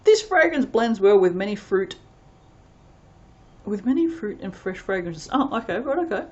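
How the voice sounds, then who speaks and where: A woman's voice: mid-range voice, big pitch swings, normal speed, darkish tone, highs cut off. A woman chatting casually as she reviews soap fragrances, rambling and reading product blurbs aloud. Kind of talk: casual unboxing chat.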